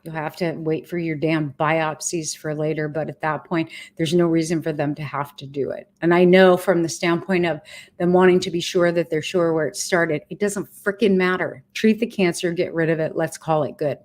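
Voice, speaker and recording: A middle-aged woman talks straight to the camera from home in a slightly low voice. She is frank and emotional, drops the odd curse word, and keeps a candid, personal tone. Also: fairly even intonation, normal speed, darkish tone. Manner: frank and emotional, with casual swearing. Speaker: vlogger sharing a cancer journey.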